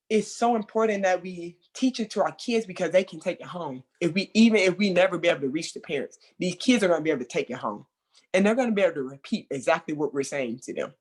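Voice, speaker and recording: A woman who works at a children's center, talking casually and expressively with lots of fillers over a video call. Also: medium pitch. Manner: expressive, conversational, many fillers like "like". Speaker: children's center worker sharing experience. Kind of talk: casual training discussion.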